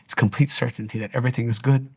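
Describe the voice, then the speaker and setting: A man's voice: medium pitch, steady tone, rapid-fire. A man giving a spiritual teaching monologue, speaking earnestly and repeating his exhortations.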